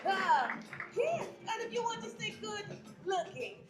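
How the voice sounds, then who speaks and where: Sassy high-voiced female show host. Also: normal speed, echoey room, loud music behind the voice. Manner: playful, sassy, laughing crowd banter. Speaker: theme park show host. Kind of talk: live park pre-show hosting to a crowd. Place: outdoor theme park stage.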